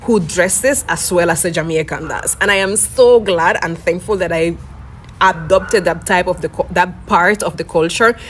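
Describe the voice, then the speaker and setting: A woman tells stories in a relaxed, chatty way and slips Jamaican Patois into her English. Her voice sits a little low. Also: normal speed, a little hiss or hum. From Cuba. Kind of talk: casual storytelling.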